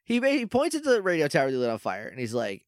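A podcast co-host with a voice on the high side talks quickly in clean, echo-free studio sound. Animated and casual, he recaps an episode and acts out characters in silly voices.

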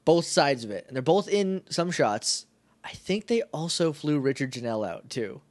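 Animated, jokey podcast co-host man. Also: on the high side, normal speed. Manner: animated, jokey, acts out characters in quotes. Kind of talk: casual chat recapping an episode.

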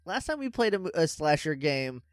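A man's voice: fairly high pitch, very animated, a little fast, no echo, clean studio sound. Jokey man with a raised voice. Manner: jokey, laughs often. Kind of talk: casual chat around a tabletop game.

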